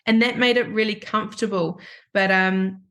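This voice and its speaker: A woman counselor speaks as a podcast guest, recounting a painful personal story. Her sentences often stop short and restart as she searches for words, while her voice stays at a middle pitch. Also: steady tone, fairly bright tone. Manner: halting, with frequent self-interruptions and restarts.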